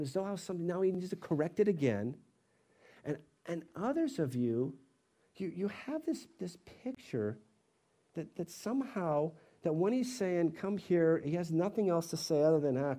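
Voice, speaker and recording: A middle-aged man preaching a sermon to a college fellowship, expressive and acting out the voices he quotes. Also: on the high side.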